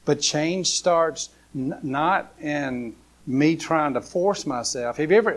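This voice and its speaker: A man preaching a casual sermon as a pastor, speaking in a loose, repetitive way with many fillers and rhetorical questions. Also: medium pitch. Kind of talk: conversational sermon.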